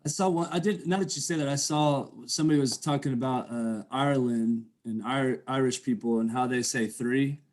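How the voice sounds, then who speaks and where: A man co-hosting a casual podcast chat, telling stories in an animated way and laughing often. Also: mid-range voice, normal speed, hardly any pauses. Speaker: podcast co-host.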